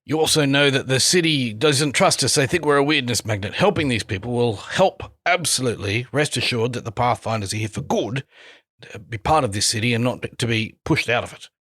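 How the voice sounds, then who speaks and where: A man's voice: mid-range voice, fairly quick, a bit bright, dry recording, studio quality. A man playing a tabletop role-playing game, speaking in a wry, joking way. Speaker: player. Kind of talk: in-character table talk.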